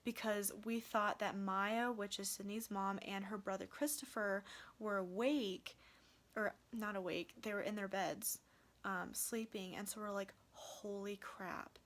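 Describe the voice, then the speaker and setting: A woman's voice: mid-range voice, fairly even intonation, unhurried, a bit bright. A young woman in college, telling a story in a casual vlog, rambling with lots of "like" and "um", tired. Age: young adult. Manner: rambling, heavy use of "like" and "um". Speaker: vlogger.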